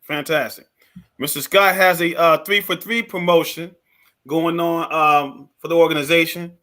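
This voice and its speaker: A man co-hosting a business livestream, chatting in a relaxed, conversational way. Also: fairly high pitch, moderate pace. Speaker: co-host. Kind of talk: casual livestream chat.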